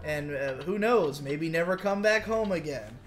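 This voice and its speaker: A man's voice: on the high side, animated, normal speed, soft background music. A man rambling and restarting his sentences as he co-hosts a casual gaming chat. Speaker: co-host.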